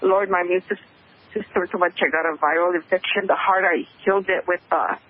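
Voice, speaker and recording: A woman calling into a radio talk show, emotional and tearful, speaking haltingly over a muffled phone line. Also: lowish voice, fairly even intonation. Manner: halting, hesitant speech. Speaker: caller. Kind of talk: call-in radio conversation.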